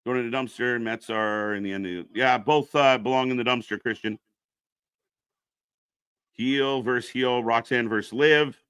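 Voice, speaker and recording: A man's voice: mid-range voice, steady tone, normal speed, a bit bright, clear, resonant tone, no room sound, clean studio sound. A man casually commentating on a wrestling show during a live stream, chatting with viewers and reacting to the action. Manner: chatty, reads chat names aloud, reacts to the match.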